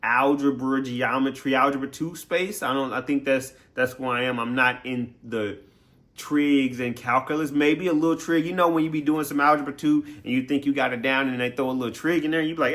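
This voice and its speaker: A man's voice: medium pitch, steady tone, fairly quick, fairly bright tone. A man streamer talking casually to his viewers in a playful, chatty way, laughing often. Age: adult. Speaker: game streamer. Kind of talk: casual recap talk to viewers.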